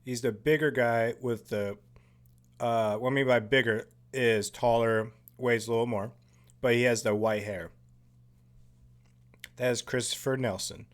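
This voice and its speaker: A man giving casual, profane commentary over a horror film, excitable and full of jokey asides. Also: medium pitch, measured pace, long pauses. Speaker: movie commentary host.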